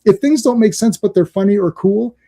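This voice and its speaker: A man's voice: high-pitched, fairly quick, dark tone. A man co-hosting a casual online movie chat, rambling with stammered restarts and mocking quoted lines. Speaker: podcast co-host.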